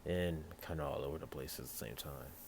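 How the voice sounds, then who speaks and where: Young man, very low voice, rambling fan-story teller, loose delivery with faint hiss behind. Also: brisk, vocal fry. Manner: rambling, loose with fillers and "yada yada"; acts out other characters in brief pitch jumps. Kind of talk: casual improvised fan story.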